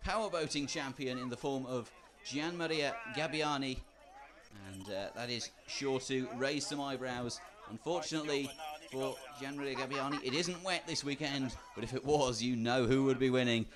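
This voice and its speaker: A man commenting on a kart race. He reads out long lists of drivers by nation at a steady pace. He adds dry asides now and then. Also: mid-range voice. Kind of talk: reading out entry lists.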